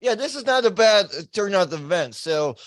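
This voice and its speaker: A man speaks as a guest in a casual chat, running through a tournament bracket in quick, laughing asides. His voice sits high, and the sound is close and dry. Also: sing-song, dry recording. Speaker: podcast guest, arm wrestler.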